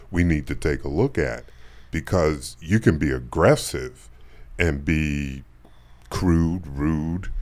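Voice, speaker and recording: A man on a casual radio talk show who explains his points in a measured, step-by-step way. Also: extremely low pitch, a little mellow.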